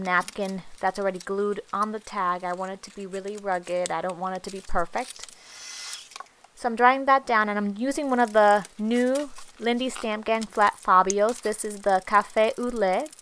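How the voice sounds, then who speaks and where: A woman's voice: mid-range voice, sharp tone, slight background noise, rough recording. A woman hosting a crafting tutorial, talking through each step in an easygoing voice-over with frequent ums.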